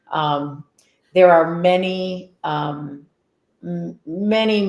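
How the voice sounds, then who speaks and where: A woman with a notably low voice speaks earnestly as a guest on a faith podcast. She leans into her points with emphasis. Her voice carries a roomy echo. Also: a little mellow. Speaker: guest, children's faith educator. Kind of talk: conversational interview.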